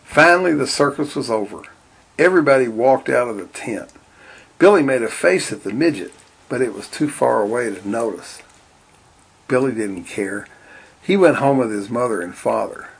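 A man reading a children's-style story aloud in a deadpan, matter-of-fact way. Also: medium pitch, moderate pace, creaky, husky. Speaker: narrator.

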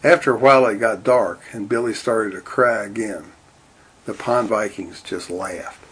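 A man reading a storybook aloud in a steady, deadpan way. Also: lowish voice, unhurried, husky. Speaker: narrator.

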